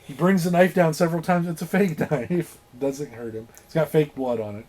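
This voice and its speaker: Casual male podcast co-host, slightly high voice, rambling and animated plot recap. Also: normal speed. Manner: animated retelling with acted-out quotes and swearing. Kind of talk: casual movie review chat.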